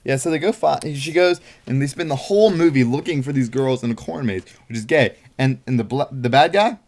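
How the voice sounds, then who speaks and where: A man of middling pitch recaps a film in a loose home-video review. He stumbles and restarts often, leans on "uh" and "like", and keeps things casual. He sounds picked up by a single camera mic in an ordinary room. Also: fairly quick, darkish tone. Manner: hesitant, full of fillers and restarts, laughs along. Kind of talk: casual chat.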